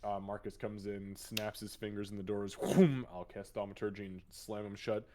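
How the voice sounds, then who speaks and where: A man playing a tabletop role-playing game, describing what his character does in an energetic way. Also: lowish voice, moderate pace, background noise. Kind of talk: narrating his character's actions.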